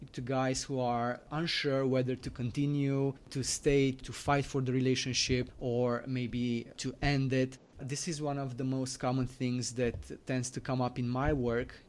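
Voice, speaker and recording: Man, relationship coach host, measured, agreeable, mid-pitched voice. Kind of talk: interview questions and commentary.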